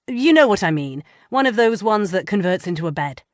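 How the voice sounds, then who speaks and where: A woman's voice: mid-range voice, sing-song, a little fast, no room sound, clean studio sound, lightly acted. A woman voicing a blunt, bossy female friend in an audiobook. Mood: chatty. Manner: blunt, lecturing.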